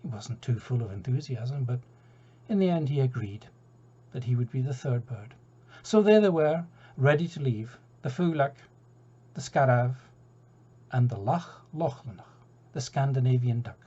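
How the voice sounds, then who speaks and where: A Scottish man telling a folk tale in a relaxed, chatty way, turning aside to his listeners. His voice is mellow and a little husky, and the recording sounds dull and lo-fi. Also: mid-range voice, normal speed. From Scotland. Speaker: storyteller.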